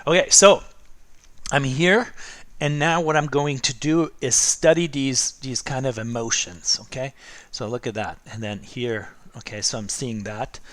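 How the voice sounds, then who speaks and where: A man's voice: medium pitch, a little slow. A middle-aged man teaching art over a drawing demo, chatty and encouraging, checking in with "okay?" and "right?" all the time.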